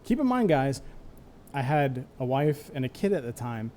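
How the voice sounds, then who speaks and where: A man in his thirties hosts a streamed gaming talk show, rambling candidly about old raid nights as a former raid leader. His medium-pitched voice is sing-song and darkish at a normal speed, and he's self-mocking and laughs easily, with slight background noise.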